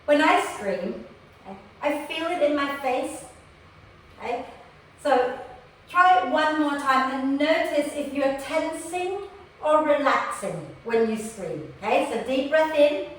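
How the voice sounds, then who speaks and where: Gentle yoga teacher in an echoey room. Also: female voice, high voice, a little slow, far from the mic. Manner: gentle, tags nearly every instruction with "okay?". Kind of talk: online prenatal yoga class instruction. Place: room recorded for an online class.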